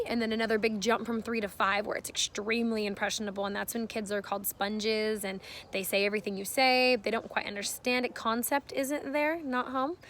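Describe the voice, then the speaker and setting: A woman's voice: on the high side, a bit bright, slight background noise. A woman in her thirties giving earnest parenting advice to camera, explaining at length in a casual way. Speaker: parenting vlogger.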